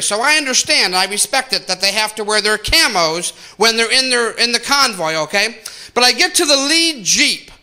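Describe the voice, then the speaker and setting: A man's voice: very high voice, sharp tone. A man doing stand-up comedy on a theater stage, telling exaggerated stories and making asides to the audience.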